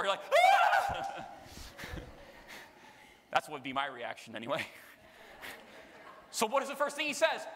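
A man preaching a passionate sermon as a priest, often building his voice up to a shout. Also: high-pitched, a little hiss or hum. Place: large church. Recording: long church reverb.

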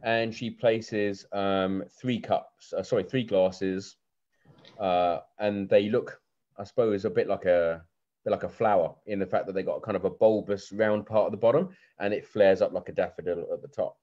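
A man's voice: sits low, fairly even intonation, moderate pace, warm tone. A man narrating as game master in a chatty way, full of ums and restarts, over a lo-fi video call.

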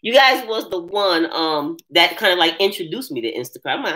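A woman hosting a casual live chat, answering viewers' comments in an animated way and laughing often. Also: lowish voice, brisk. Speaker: live stream host.

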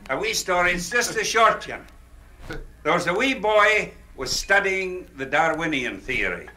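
A man's voice: sits high, expressive, moderate pace, bright, forceful tone, low-quality recording. A man telling pub jokes on a party record, chuckling and acting out the characters in each story.

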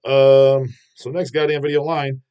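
A man's voice: medium pitch, level tone, unhurried, clean tone, dull audio. A man hosting a metal video channel, ranting in a rambling, profane and scornful way. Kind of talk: casual ranting vlog.

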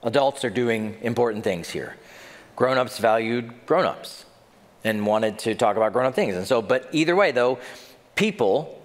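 A man's voice: mid-range voice, moderate pace. Pastor guy preaching, voice jumps all over, big echoey church hall. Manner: animated storyteller who acts out the scenes. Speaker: senior pastor. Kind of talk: sermon. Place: church sanctuary.

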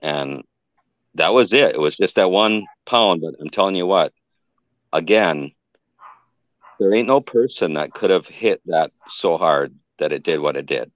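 A man's voice: low voice, expressive, measured pace, no room sound, lo-fi sound. A man telling his own encounter story in a casual, rambling way, often stopping to correct himself. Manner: rambling, restarts and self-corrections.

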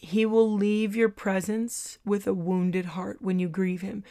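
A woman speaks in a devotional teaching talk. Her voice sits at an ordinary middle pitch, and she takes her time. She is earnest and a little hesitant, pausing on soft filler sounds as she gathers her thoughts. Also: little pitch movement. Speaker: Christian teacher.

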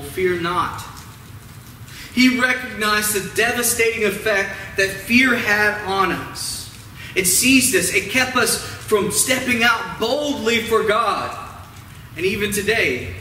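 A man preaching a sermon, stressing words and letting phrase ends drop soft and low. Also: a little hiss or hum. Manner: dramatic, drawn-out emphasis with falling, softening phrase ends. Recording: roomy echo, mic at a distance, faint ambience.

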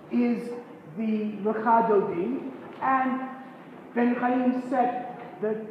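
A man giving a pre-concert lecture, explaining in a measured way with pauses and self-corrections, recorded in a concert hall. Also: sits high. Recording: echoey hall, dull lo-fi sound, faint noise.

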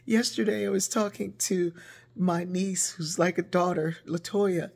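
Older woman, husky, gravelly, animated storyteller, laughs often. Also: fairly low pitch, a little slow. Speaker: speaker telling a personal story. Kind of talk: personal storytelling.

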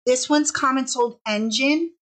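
A woman's voice: high-pitched, a little slow. A woman hosting a casual live fabric sale stream, bubbly and chatty, stretching out each product name as she shows it.

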